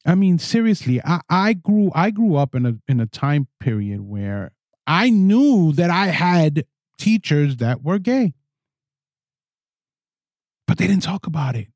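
On his opinion podcast, a man reads a letter aloud, then launches into an indignant, animated rant, mocking the other side with put-on voices. His voice is fairly high and a little slow, recorded on a studio microphone with no echo.

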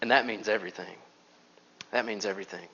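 A man preaching a sermon, telling stories with animated swings from loud to hushed. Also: on the low side, quick pace, creaky, breathy edge, dull audio. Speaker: pastor.

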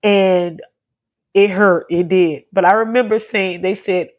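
A woman's voice: medium pitch, steady tone, a little slow. Emotional woman telling a personal testimony. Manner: emotional, repetitive, earnest storytelling. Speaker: guest sharing a testimony.

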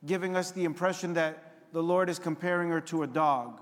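A man's voice: fairly high pitch, steady tone, fairly quick, big-room sound. A man giving a sermon as a priest, conversational, often putting questions to the congregation.

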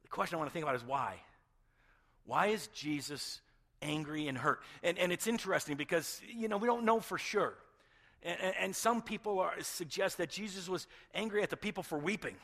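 A man's voice: sits high, brisk, sharp tone. A male pastor preaching a sermon with passion, often repeating words and dropping to a near-whisper at emotional points.

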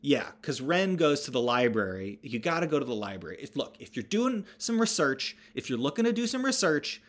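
A man's voice: mid-range voice, big pitch swings, a little fast. A man casually recapping a horror movie, rambling with wry asides and self-corrections.

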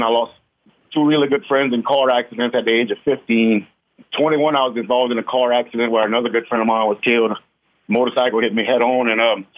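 Cajun man talking fast over a phone line. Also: mid-range voice. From South Louisiana. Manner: plain, candid storytelling. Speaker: guest. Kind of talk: radio interview testimony.

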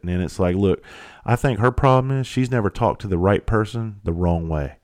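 A comedian telling a personal story in a slightly low voice. He talks bluntly and casually, swearing freely as he goes. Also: moderate pace. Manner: blunt, profane, conversational. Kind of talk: storytelling monologue.

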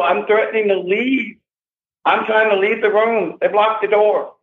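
A man's voice: high voice, fairly even intonation, measured pace. A man in his sixties, an interview guest, telling his own story in an emphatic, agitated way and repeating himself. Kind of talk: emotional first-person account. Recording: tinny phone line with echo.

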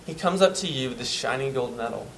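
A man preaching a sermon, earnest and emphatic, dropping to soft tones at tender moments. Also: medium pitch, lively intonation, quick pace, a little hiss or hum, rough recording.

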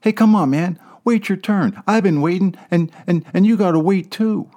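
A man voicing a little boy of eight or nine in a story reading, high and squeaky, earnestly pleading. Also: normal speed, warm tone, natural voice.

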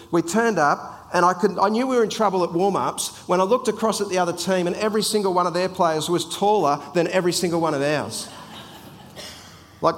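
A man's voice: high-pitched, a little hiss or hum. Man telling a story in church. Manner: chatty, anecdotal, repeats words. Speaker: church ministry team member. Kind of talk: sermon storytelling. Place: church hall. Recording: long hall reverb.

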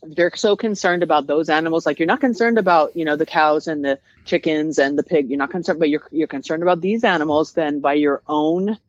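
A woman's voice: low voice, fairly quick, hardly any pauses, no room sound, lo-fi sound. A woman guest on a casual podcast, arguing bluntly and with passion. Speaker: guest, vegan advocate.

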